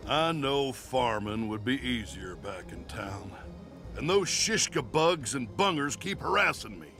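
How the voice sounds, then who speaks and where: A man voicing a stubborn, scrappy male critter farmer in a video game, with a gruff, folksy way of talking. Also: medium pitch, pushed and bright.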